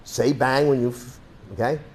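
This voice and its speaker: Blunt, profane male self-defense instructor with a mid-pitched voice, demonstrating moves to a class. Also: steady tone, normal speed, darkish tone, slight background noise. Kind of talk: hands-on demonstration lesson.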